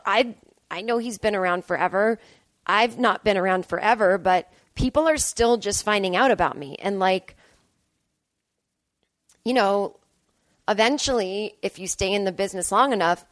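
A woman's voice: mid-range voice, dry recording. Rambling self-deprecating woman podcaster. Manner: rambling, self-deprecating, filler-heavy storytelling. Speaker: comedian and podcast host. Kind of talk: casual podcast monologue.

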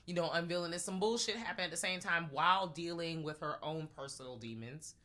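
Young woman ranting about a movie, low-ish but bright punchy voice, gets loud fast. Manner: animated, swings into loud acted-out reactions. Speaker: podcast co-host. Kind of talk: casual movie review chat.

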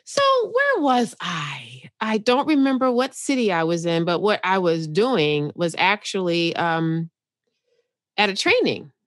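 A woman's voice: fairly low pitch, measured pace, no echo. Candid woman telling a story, dry close sound. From New York, United States. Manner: animated, candid storyteller who laughs easily. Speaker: psychotherapist guest. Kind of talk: personal storytelling in a podcast interview.

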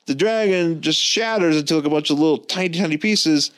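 A man's voice: fairly high pitch, a little fast. A man co-hosting a podcast, casually retelling a comic story with lots of restarts and asides. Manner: rambling, frequent restarts, animated retelling. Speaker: podcast co-host. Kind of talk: casual comic book discussion.

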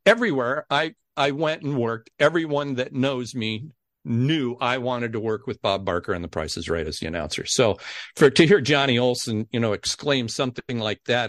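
A middle-aged man, a podcast guest, telling a story in a lively way and acting out the people in it. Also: medium pitch, no echo, clean studio sound. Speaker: podcast guest, game show announcer. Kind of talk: animated storytelling.

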